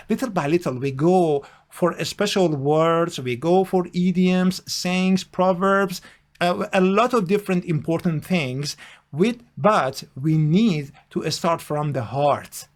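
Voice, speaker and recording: A man teaching grammar, speaking in a slow, repetitive, emphatic way with many fillers. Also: high-pitched. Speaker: English teacher. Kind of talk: grammar lesson explanation.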